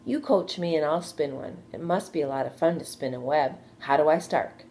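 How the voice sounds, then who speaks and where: A woman voicing an eager, boastful young male pig in a storybook read-aloud, with a raised and excitable voice. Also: deep voice, normal speed, slight background noise, natural voice.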